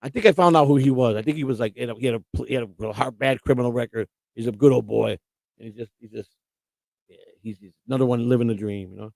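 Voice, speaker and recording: A man's voice: medium pitch, quick pace, creaky, darkish tone, no echo. A middle-aged man hosting a live stream, rambling and combative in casual chat. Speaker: livestream host.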